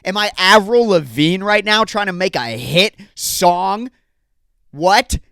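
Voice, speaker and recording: A man's voice: sits high, lively intonation, slow, fairly bright tone, smooth, dry recording, studio quality. A young man hosting a comedy podcast, ranting in a mock-angry way with lots of rhetorical questions. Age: young adult. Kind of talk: solo comedic rant.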